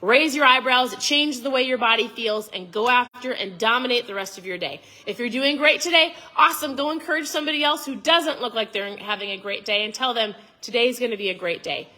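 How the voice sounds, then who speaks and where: A woman delivers a motivational vlog talk with an emphatic, preachy drive. Her voice is bright and forceful, sitting a little high. She sounds fired up, close to yelling, as she pushes viewers to act. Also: lively intonation, brisk, few pauses. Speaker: vlogger.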